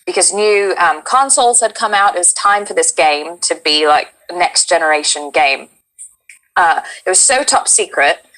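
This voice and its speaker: A woman's voice: lowish voice, normal speed, rough recording. Woman telling a story in put-on British accent. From Texas. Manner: animated storyteller, acts out her own reactions. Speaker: voice actress guest. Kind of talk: casual anecdote in interview.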